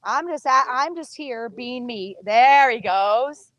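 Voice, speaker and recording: A woman's voice: on the high side, lively intonation, takes it slowly, fairly bright tone, no echo, lo-fi sound. Chatty woman coaching a horse. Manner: chatty, coaxing praise to the horse. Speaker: horse trainer. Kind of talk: casual teaching while working a horse.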